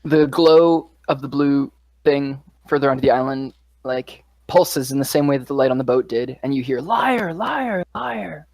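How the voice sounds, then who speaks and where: A woman's voice: rumbling low, flat delivery, normal speed, warm tone, no room sound, low-quality recording. A woman narrating a tabletop game as dungeon master, casual and full of fillers. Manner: casual, lots of "like" and "uh".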